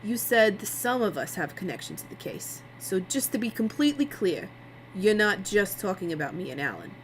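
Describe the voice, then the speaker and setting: A woman's voice: mid-range voice, lively intonation, a little fast, a little hiss or hum, close to an everyday voice, poor audio. A woman voicing a blunt, eager man.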